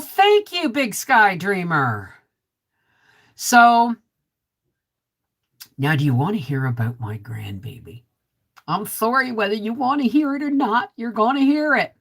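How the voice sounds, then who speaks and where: A middle-aged woman with a deep, resonant voice, hosting a casual vlog live stream. She chats straight to viewers, reads their comments and keeps asking "right?". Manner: chatty, talks straight to viewers with frequent "right?". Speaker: homesteading vlog host.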